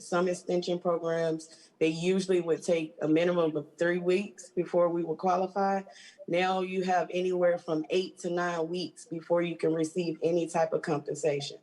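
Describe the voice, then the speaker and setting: A woman from Georgia, a union stage hand, speaking haltingly and emotionally on a video call. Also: lowish voice, a little mellow, low-quality recording. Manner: halting, emotional, with many restarts.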